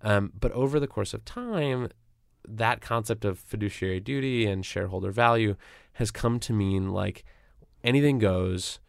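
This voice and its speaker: A man's voice: lowish voice, moderate pace, creaky, dry recording, clean studio sound. A man being interviewed as a journalist and author, speaking casually with many fillers and restarts.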